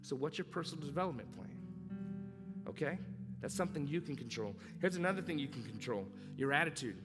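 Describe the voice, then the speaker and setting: A male pastor preaching a sermon, repeating key lines and rising to loud, emphatic urging. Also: a little high, animated, fast. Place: church hall. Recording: long church reverb with music behind.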